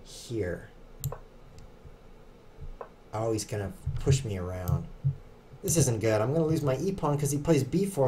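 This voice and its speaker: A man's voice: medium pitch, expressive, measured pace, pauses often, mellow, slight background noise. A young man streaming online chess, chatting casually and joking at his own expense while he plays. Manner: chatty, self-mocking, jokes with chat. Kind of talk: casual live commentary while playing.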